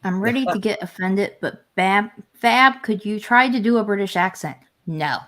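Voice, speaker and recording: A woman chats away as host of a casual livestream, reading out viewer comments as they come in. Her talk rambles, full of restarts and side turns. Her pitch sits in an ordinary middle range. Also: moderate pace, fairly bright tone. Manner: chatty, rambling, with frequent restarts.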